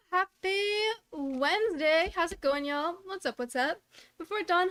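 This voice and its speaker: High-voiced bubbly woman streamer. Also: measured pace. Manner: bubbly, greets chat by name, trails off into quiet asides. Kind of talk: casual live-stream chat.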